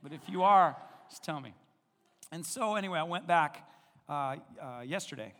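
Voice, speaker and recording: A man preaching in a casual, storytelling way, his voice sitting a little higher than most men's. He pokes fun at himself and slips into the voices of the people in his story. The sound carries a long reverb, as if picked up in a large church hall. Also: expressive, moderate pace, fairly bright tone. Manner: conversational, self-deprecating, acts out dialogue. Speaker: pastor. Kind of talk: storytelling sermon.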